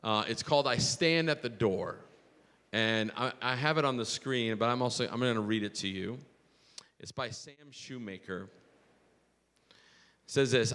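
Guy pastor giving a sermon, earnest story, lots of restarts, mid pitch, echoey church hall. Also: measured pace, long pauses, a bit bright.

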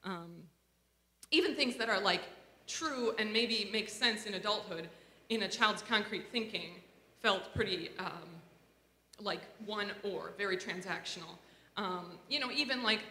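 A woman's voice: mid-range voice, a little slow, sharp tone. A woman giving a reflective personal talk in a conversational way, with many fillers and restarts. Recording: echoey room with long reverb, faint noise.

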